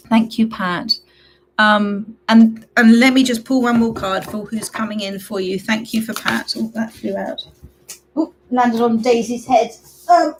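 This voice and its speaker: A woman with a croaky voice giving a live tarot reading from home, gentle and affectionate with her viewers. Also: fairly high pitch, slight background noise. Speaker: tarot reader hosting a live stream. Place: at home, reading from a computer late at night.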